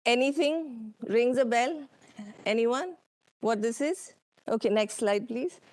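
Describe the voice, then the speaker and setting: Indian lady presenting slides, slow, lots of ums, asks the room questions. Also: fairly high pitch, lively intonation, darkish tone, dry recording. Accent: Indian English. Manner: unhurried, many ums and uhs, asks audience questions. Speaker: workshop speaker. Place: conference hall.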